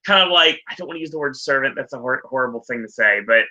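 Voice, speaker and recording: A man's voice: medium pitch, quick pace, sharp tone, dull audio. A man hosting a podcast in casual chat, rambling and correcting himself as he goes. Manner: rambling, self-correcting, laughs easily. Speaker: podcast host. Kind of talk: casual chat recapping wrestling.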